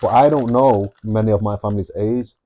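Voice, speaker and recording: A young man chats on a podcast in a dry, easygoing way. His voice is mellow and warm, and he talks about everyday life at a relaxed pace. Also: fairly low pitch, fairly quick. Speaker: podcast co-host. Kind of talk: casual chat.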